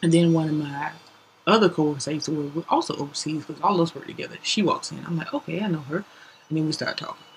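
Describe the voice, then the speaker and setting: A woman's voice: sits low, fast, a little hiss or hum, low-quality recording. A woman hosting a podcast, telling a story casually and acting out what people said, sometimes dropping to a whisper. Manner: animated, acts out quotes, drops to whispers. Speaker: podcast host.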